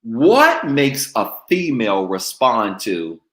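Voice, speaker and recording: A man's voice: medium pitch, wildly swooping pitch, slow, a bit bright, roomy sound. A man preaching a sermon, calling on his congregation to talk back to him. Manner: call-and-response preaching, goading the congregation. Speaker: pastor.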